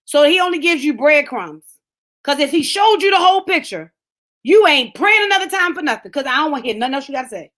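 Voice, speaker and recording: A middle-aged woman giving a fervent sermon-style motivational talk, speaking plainly and straight to her listeners, at times rising to a shout. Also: high-pitched, very animated, fast. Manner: fervent preaching, talks straight to listeners by name. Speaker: speaker of a lunchtime empowerment talk.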